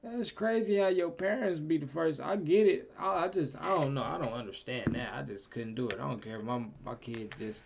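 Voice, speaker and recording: Young guy reacting to a clip, super gravelly voice, slangy, goes loud then mutters. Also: medium pitch, a little hiss or hum. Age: young adult. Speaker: reaction streamer. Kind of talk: casual reaction commentary.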